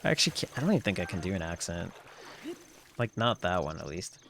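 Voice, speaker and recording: A man's voice: sits low, big pitch swings, quick pace, vocal fry, fairly bright tone, slight background noise. A man chatting on a live gameplay stream, rambling with lots of filler words and frequent laughs. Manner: laughs often.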